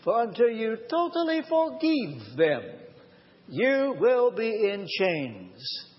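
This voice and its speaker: An earnest, gently firm older man with a Romanian accent, as a preacher puts him on, pitched higher than the preacher's own voice. He presses each word slowly and insistently. The sound is dull and rings in a large echoing hall. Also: huge pitch swings, full character voice. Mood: urging.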